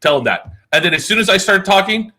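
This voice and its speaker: A man co-hosting a casual chat, an announcer telling expressive stories. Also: sits high, quick pace. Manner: lively, expressive storyteller. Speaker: co-host, drag racing announcer.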